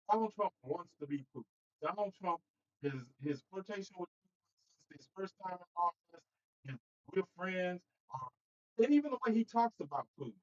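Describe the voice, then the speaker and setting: A man hosting a casual political livestream, talking straight to his viewers in an animated way and laughing between points. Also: high voice, muffled recording. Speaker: host.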